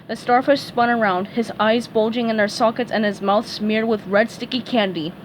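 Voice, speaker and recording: A woman reading a cartoon fan story aloud, slowly and carefully, with the odd stumble. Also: fairly high pitch, fairly even intonation, a little hiss or hum, low-quality recording. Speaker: fan fiction reader. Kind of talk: storybook read-aloud narration.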